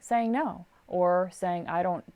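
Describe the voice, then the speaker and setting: This middle-aged sound recordist speaks slowly, her voice on the low side, in a casual podcast chat full of advice. She's an animated storyteller, performing the lines of the people she talks about.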